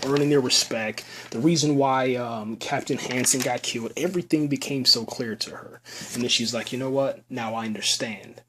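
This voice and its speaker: A man's voice: mid-range voice, bright, forceful tone, slight background noise. A man casually recapping a TV episode for his viewers, loose and rambling with plenty of fillers. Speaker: show recap reviewer.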